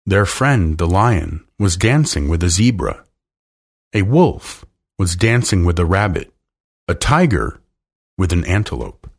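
A man reading a children's storybook aloud in a calm, measured way. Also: deep voice, husky. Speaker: narrator.

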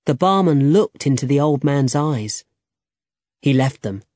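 Slow, deliberate male audiobook narrator. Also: medium pitch, lively intonation, darkish tone, no room sound. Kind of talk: scripted narration of a graded reader.

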